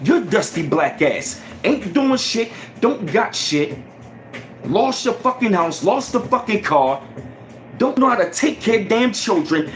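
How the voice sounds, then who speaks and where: A man ranting casually to his livestream viewers, animated and profane, repeating himself as he goes. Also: sits high, a little slow, reverberant, faint music behind. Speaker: channel host.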